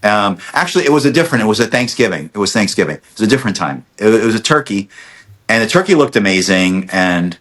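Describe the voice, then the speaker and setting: A middle-aged man with a somewhat low voice tells a story in casual podcast chat. He slips into other people's lines as he goes, and stumbles over restarts along the way. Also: quick pace. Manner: animated storyteller, acts out quotes, many restarts. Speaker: podcast guest, dentist.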